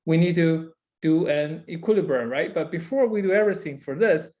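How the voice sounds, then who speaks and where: A man's voice: a little high, a little fast, darkish tone. A male university lecturer giving a classroom lecture, repeating key phrases and checking in with "right?" after nearly every line.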